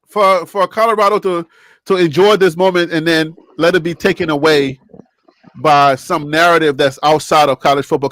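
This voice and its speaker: High-voiced emphatic male sports talker. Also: fairly bright tone, no echo. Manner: emphatic, laughs often, preachy. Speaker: sports show co-host. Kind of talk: casual sports talk.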